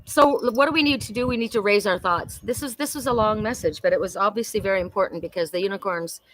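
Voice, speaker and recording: A woman's voice: medium pitch, fast talker. A middle-aged woman hosting a weekly oracle card reading, talking in an emphatic, heartfelt way with many repetitions and restarts. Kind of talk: spiritual live-stream talk.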